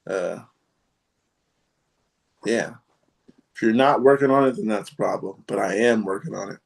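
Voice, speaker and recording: A man hosting a casual group chat, halting and full of fillers, with a sarcastic streak. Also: fairly low pitch, vocal fry. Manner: halting, many fillers, self-described sarcastic. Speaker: podcast host.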